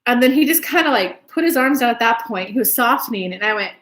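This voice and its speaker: Chatty woman with a higher voice. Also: expressive, fast talker, few pauses, a bit bright. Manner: chatty, swears, acts out little dialogues. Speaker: spiritual advice channel host. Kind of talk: casual monologue advice.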